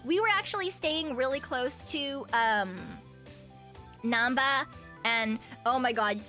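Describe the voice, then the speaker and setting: A woman's voice: high voice, slow, sharp tone, faint music behind. A woman streamer chatting casually, giggling often and rambling with lots of fillers and self-corrections. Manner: giggly, laughs often between sentences. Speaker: VTuber streamer.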